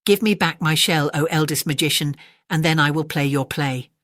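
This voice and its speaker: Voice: medium pitch, moderate pace, a bit bright, dry recording, studio quality, lightly acted. A reader voicing a proud, demanding male crab who bargains with a magician in a bedtime storybook. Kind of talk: storybook reading.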